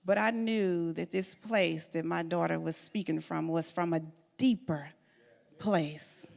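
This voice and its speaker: A middle-aged woman gives a church testimony at a slow, deliberate pace, building drama through repetition and emphatic swells. Her voice rings out with long reverb from the church sanctuary. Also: medium pitch. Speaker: guest speaker.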